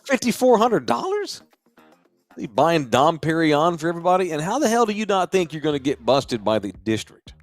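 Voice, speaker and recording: A man's voice: fairly high pitch, sing-song, fairly quick, soft background music. A man hosting a podcast, making crude jokes in a casual chat. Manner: profane, joking, wisecracking. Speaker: podcast host.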